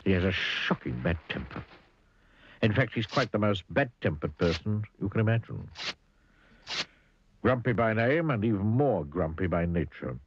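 A man narrating a children's cartoon story, playful and expressive, asking the listener questions. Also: fairly low pitch, dull audio, noisy background.

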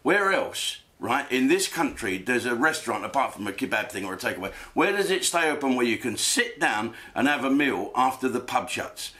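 A man's voice: mid-range voice, very animated, normal speed, few pauses, pushed and bright. A man hosting a comedic rant from his home den, crude and rambling, swearing freely. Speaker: host.

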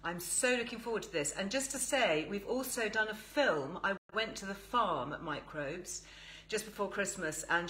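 A chatty English woman hosts a live stream, greeting her viewers with upbeat enthusiasm. Her voice sits a little low for a woman. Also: a bit bright, rough recording. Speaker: host.

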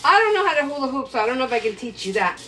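A woman's voice: sits high, sing-song, racing, distant mic, background noise. A woman filming a pet vlog, praising and coaxing her dog in a playful sing-song voice and giggling often.

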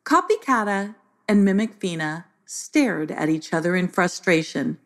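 A woman reading a children's story aloud as the narrator, in a gentle scripted telling. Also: mid-range voice.

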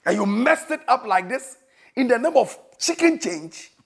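High, gravelly Ghanaian preacher man. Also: very animated, moderate pace. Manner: scolding, dramatic, bursts into shouting. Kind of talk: comic sermon.

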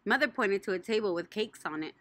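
Animated woman reading a children's book. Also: mid-range voice, a little fast, no echo. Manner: animated, playful storytelling. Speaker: audiobook reader. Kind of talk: children's audiobook narration.

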